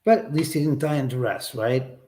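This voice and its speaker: Man, livestream host, casual and profane, rambling, warm dark tone. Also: mid-range voice, fairly quick. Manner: rambling, profane, talks to his dog. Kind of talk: casual live-stream chat. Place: his house, indoors.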